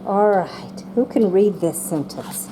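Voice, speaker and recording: A woman teaching a class of young children, speaking slowly and patiently and calling on each child by name. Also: medium pitch, background noise. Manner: slow and patient, calling on children by name, voicing excited examples.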